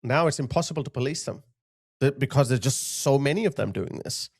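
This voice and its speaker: A man's voice: medium pitch, expressive, a little fast, vocal fry, breathy edge. A man hosting his channel, giving indignant political commentary over video clips and often repeating himself to point things out. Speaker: channel host.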